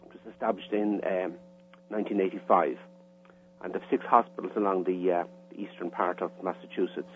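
A man's voice: sits low, fairly even intonation, fairly quick, faint music behind. A man with an Irish accent, a caller on a radio interview, explaining plainly with some hesitations. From Ireland. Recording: tinny phone line with faint hum.

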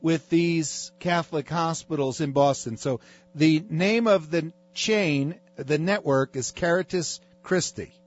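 A man's voice: on the high side, a little slow, dull audio, faint music behind. A man hosting a talk radio show, speaking in an emphatic, preachy way.

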